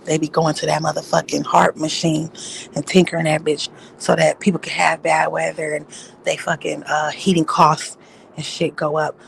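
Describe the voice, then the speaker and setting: A woman chatting casually and profanely, rambling through stories with loud outbursts. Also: low-pitched, flat delivery, normal speed, creaky, a little hiss or hum, rough recording. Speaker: vlogger. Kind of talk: casual chat.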